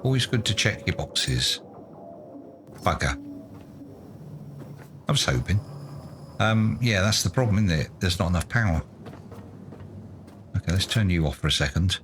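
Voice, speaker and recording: Exasperated man, deep voice. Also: expressive, unhurried, pauses often, a bit bright, slight background noise. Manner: self-mocking, exasperated, muttering to himself. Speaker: gaming YouTuber. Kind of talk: let's play commentary.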